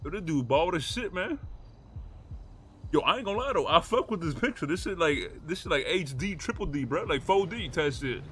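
A man's voice: on the high side, animated, normal speed, fairly bright tone, slight background noise. An American man streaming a roleplay game, chatting casually with heavy slang and a lot of swearing. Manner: slangy, swears a lot, asks many questions.

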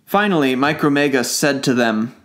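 A man reading a classic novella aloud as an audiobook narrator, in an even, clear storytelling manner. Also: medium pitch, normal speed. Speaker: audiobook reader.

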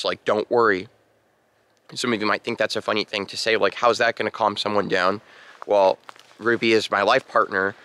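A young man casually telling a personal story to the camera, lively and imitating sounds. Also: mid-range voice, no echo. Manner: animated, imitates beeping sounds. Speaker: vlogger.

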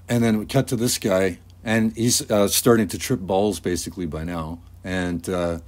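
A man, an animator, casually talking through his storyboard in a relaxed, rambling way with many fillers. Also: sits low, unhurried. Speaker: animator and artist.

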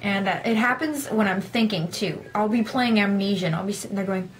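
A woman's voice: mid-range voice, brisk. A young woman tells a gaming story in a loose, rambling, self-deprecating way. She slips into her own past lines as she talks. Her voice sits in the middle range, and there is a faint hiss under the recording. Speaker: gaming vlogger. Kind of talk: casual storytelling monologue.

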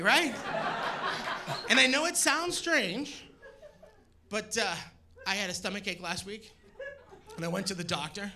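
A man doing a stand-up comedy set on stage, animated and shouting his punchlines. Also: very high voice, background noise. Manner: animated, loud punchlines to a laughing crowd. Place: comedy stage before a live audience. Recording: live show with loud crowd laughter.

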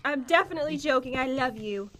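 A woman gamer chatting casually and excitedly while playing, often squealing and giggling. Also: sits high, fast talker, background noise. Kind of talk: casual gameplay chat.

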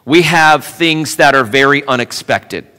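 A male pastor preaching in a church sanctuary, his voice bright and forceful. He talks in an animated, conversational way and drops in playful asides. The sound rings with the long reverb of a large hall. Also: mid-range voice, unhurried, clean tone. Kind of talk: sermon.

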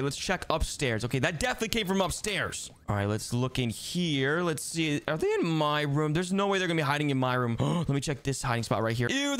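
Young gaming host, super animated, yelps and narrates every move. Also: mid-range voice. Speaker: channel host and gamer. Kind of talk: gaming let's-play commentary.

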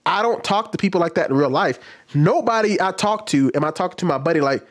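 A man's voice: sits high, lively intonation, fast talker. A man who works as a teacher, giving a casual, blunt commentary and sounding fed up. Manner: blunt, exasperated, mocks others with exaggerated voices.

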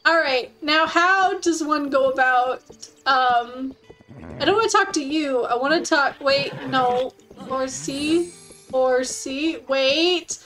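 A high-voiced woman gives excitable, giggly game commentary, cooing softly to her in-game horse. She talks at an unhurried pace, with faint music behind her. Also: rough recording. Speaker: streamer. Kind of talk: casual gameplay commentary.

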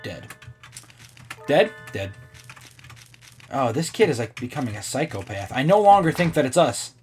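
A man talks his way through a game in a loose, rambling way, wandering off topic and cursing casually. His pitch swings up and down a lot, with faint music underneath. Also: sing-song, quick pace, a little mellow. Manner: rambling, swears casually, laughs often. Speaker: let's play gamer. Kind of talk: casual gameplay commentary.

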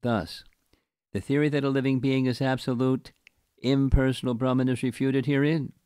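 An older man giving a scripture class, reading a long commentary slowly and deliberately and explaining it to his listeners. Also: medium pitch, little pitch movement, mellow, clean tone, no echo, studio quality. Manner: slow, deliberate reading with chanted verse recitation.

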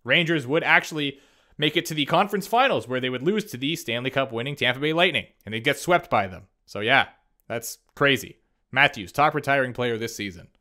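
A young man giving casual, excitable commentary over a sports video game simulation, reacting quickly and laughing as he reads out stats. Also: medium pitch. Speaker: gaming YouTuber.

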